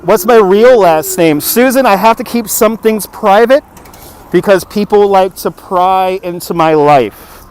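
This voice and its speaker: A chatty man from New York City streams a walking tour from his phone, answering viewer comments with easy jokes. His voice sits a little on the high side, and faint traffic hums behind him on the street. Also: unhurried, darkish tone. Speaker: livestream host. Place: outdoors on a city street at dusk. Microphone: phone on a handheld gimbal. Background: traffic and street ambience.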